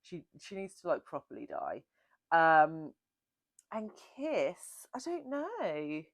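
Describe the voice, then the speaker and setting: A woman's voice: low-pitched, wildly swooping pitch, takes it slowly, no echo. A woman hosting a book channel, chatting casually and self-mockingly through a Q&A. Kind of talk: casual Q&A chat.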